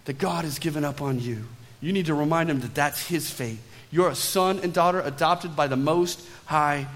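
A man preaching a Christmas sermon as pastor, emphatic and dropping soft and low on key phrases. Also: big-room sound. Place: church sanctuary.

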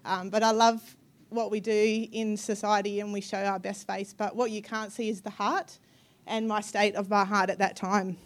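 A woman in her thirties preaching a personal testimony sermon, earnest and emotional, with soft hesitations. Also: mid-range voice, little pitch movement, moderate pace, hardly any pauses. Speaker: guest preacher.

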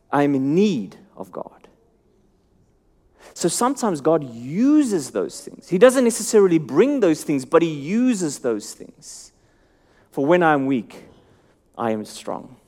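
A man preaching a sermon, earnest and searching, asking the listeners questions and dropping his voice low and soft to stress a point. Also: sing-song, measured pace.

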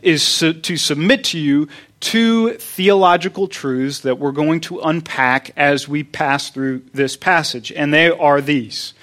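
A man's voice: a little high, slow pace, fairly bright tone. A man preaching a sermon, teaching earnestly and repeating key points for emphasis. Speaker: pastor.

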